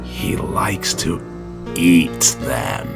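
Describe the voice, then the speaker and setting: A man's voice: extremely low pitch, big pitch swings, drawn-out words, gravelly, loud music behind the voice, pitched below the performer's own voice, full character voice. A man voicing a sinister male postman who speaks with fake friendliness and a hollow, menacing laugh.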